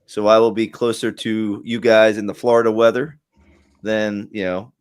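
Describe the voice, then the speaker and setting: A man's voice: on the low side, level tone, normal speed, clear, resonant tone, no echo, clean studio sound. A man hosting a sports podcast, easygoing and joking in casual chat. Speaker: podcast host.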